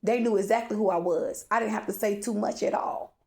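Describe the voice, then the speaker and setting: A woman's voice: medium pitch, fairly even intonation, fairly quick, warm tone. A woman telling a personal story in a casual storytime monologue, blunt and profane, often checking in with "okay?". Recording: echoey room.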